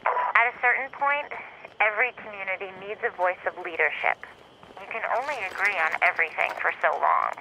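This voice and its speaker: Male game leader figure, persuasive, bright tense tone. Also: sits high, brisk, a little hiss or hum, full character voice, rough recording. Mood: earnest. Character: man would-be leader in a zombie video game.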